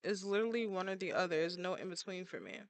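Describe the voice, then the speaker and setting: A woman artist streaming her drawing talks fast in a voice on the low side, chatting casually and playfully with viewers. Her speech is full of filler words, and there's no echo.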